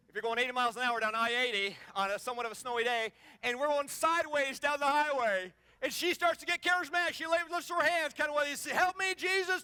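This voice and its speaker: Here a middle-aged man speaks at a conference in a very high, clean voice without room sound. His sermon is passionate, and he tells stories animatedly while acting out their cries.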